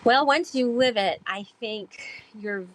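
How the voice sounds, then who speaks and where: A woman guest on a podcast telling her stories in a chatty way, with many fillers, and growing animated when she acts out past talk. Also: fairly high pitch, slow, dry recording, low-quality recording. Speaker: podcast guest, sailor and author. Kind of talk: casual storytelling interview.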